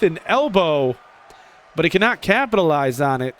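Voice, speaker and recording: A man giving casual play-by-play commentary over a video game wrestling match, excitable, jumping up in pitch on the big moves. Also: normal speed.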